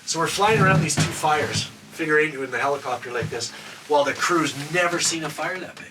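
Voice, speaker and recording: A man's voice: a little high, fairly quick. An older man from Canada, a former wildland firefighter, casually tells a rambling story with lots of fillers. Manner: rambling, with many fillers and acted quotes. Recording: distant mic with steady background noise.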